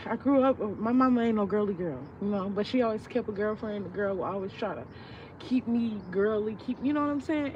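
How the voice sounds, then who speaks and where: Young woman venting, profane and rambling. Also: a little high. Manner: profane, rambling, heartfelt, reflective. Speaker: vlogger. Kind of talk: casual personal venting. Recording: distant, muffled mic with street noise.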